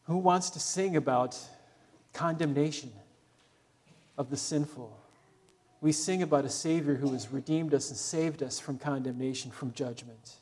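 Earnest higher-voiced male preacher. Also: normal speed, slightly rough. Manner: earnest, urging, dropping soft on solemn points. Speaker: pastor. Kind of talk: sermon.

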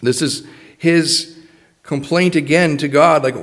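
A man's voice: fairly high pitch, fairly even intonation, slow, fairly bright tone, in a large hall. Man teaching a casual Bible study. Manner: reads scripture aloud, then explains it plainly; casual with fillers and restarts.

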